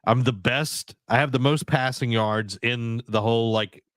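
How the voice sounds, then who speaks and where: A man's voice: medium pitch, fairly even intonation, unhurried, a bit bright, dry recording, clean studio sound. A man co-hosting a podcast, chatting casually about video games and rambling with many fillers and restarts. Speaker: podcast co-host.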